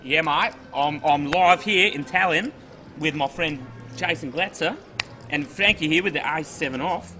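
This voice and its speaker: A man's voice: on the high side, a little slow, bright, forceful tone, faint music behind. A Scotsman putting on a cheery Australian bloke. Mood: playful. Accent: put-on Australian. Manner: playful, hammed-up. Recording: crowd chatter behind.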